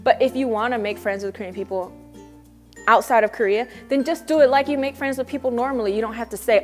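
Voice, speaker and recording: A woman's voice: a little high, fast, faint music behind. Young woman, American accent, casual vlog, chatty, slangy, mock-quoting others. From United States. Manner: chatty and slangy, acts out quoted people mockingly. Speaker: vlogger living in Korea. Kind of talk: casual vlog talk to camera.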